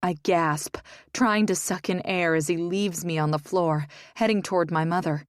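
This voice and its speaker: A woman's voice: lowish voice, moderate pace, clear, resonant tone, no room sound. A woman reading a first-person romance audiobook in a tense, emotional way, close to the mic. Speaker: audiobook narrator.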